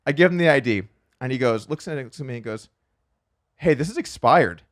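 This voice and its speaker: A man being interviewed on a podcast, telling stories about his life in a quick, chatty way with frequent restarts, sometimes acting out the voices of people in his stories. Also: mid-range voice, no room sound, clean studio sound. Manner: acts out quoted voices in his anecdotes. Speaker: podcast guest, professional poker player. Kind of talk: casual storytelling interview.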